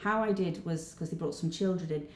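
Actress, lively raconteur, acts out every line; echoey room, faint hum. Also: female voice, fairly low pitch, fairly quick. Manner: animated storyteller, acts out dialogue. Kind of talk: interview guest chat.

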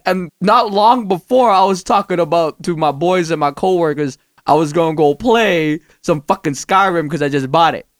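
A man's voice: fairly high pitch, normal speed, hardly any pauses, dry recording, studio quality. A man telling a rowdy, profane story in casual chat, laughing often as he goes. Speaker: podcast co-host telling a story.

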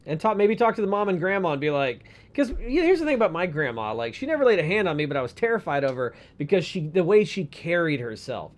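Male podcast co-host, high voice, casual, crude humor. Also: very animated, quick pace, few pauses. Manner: joking, profane, reads letters aloud. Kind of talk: casual chat.

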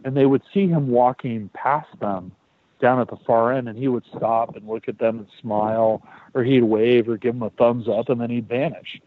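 A man tells a story in a casual, animated way, often doubling up his words. His voice sits in a middle range. The sound is dry and narrow, like a phone line. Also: medium pitch, moderate pace, no room sound. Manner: animated, repeats words, swears. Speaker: podcast host.

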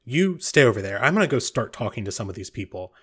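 A man voicing a brisk, commanding male captain in a tabletop game. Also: medium pitch, very animated, a bit bright, breathy edge. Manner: brisk and bossy.

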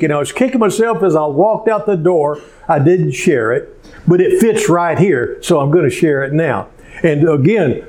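A male pastor preaching a sermon, telling stories in an unhurried way with many pauses. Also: on the high side, a little mellow.

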